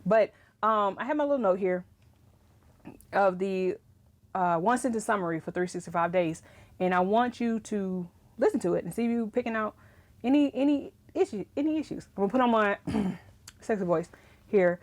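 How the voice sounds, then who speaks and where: A young woman talking straight to camera in a loose, chatty way. She rants with lots of energy and breaks into laughs often, at an ordinary mid-range pitch. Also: normal speed. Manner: animated, ranting, laughs often. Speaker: writing vlogger. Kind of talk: casual chat to camera.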